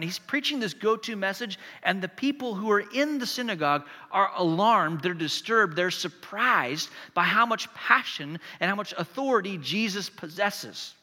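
A man's voice: high-pitched, expressive, normal speed, hardly any pauses, pushed and bright, big-room sound. A man preaching a sermon, telling a story vividly and speaking straight to his congregation. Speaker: pastor. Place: church.

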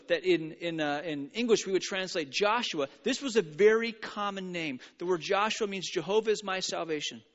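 A man preaching a sermon, animated and playful with frequent stumbling restarts, in an echoing church hall. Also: high voice. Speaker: pastor. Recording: reverberant hall, dull sound.

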